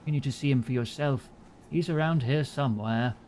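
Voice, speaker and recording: A man voicing a weary male secret agent held prisoner in a game, speaking slowly and gravely. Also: medium pitch, a little mellow, slight background noise, lightly acted. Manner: slow, grave, matter-of-fact.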